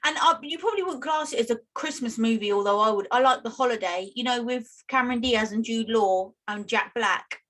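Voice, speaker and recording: British woman chatting on a podcast, bit higher voice, laughs a lot. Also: fairly quick, few pauses, fairly bright tone. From United Kingdom. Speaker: podcast co-host. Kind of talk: casual chat.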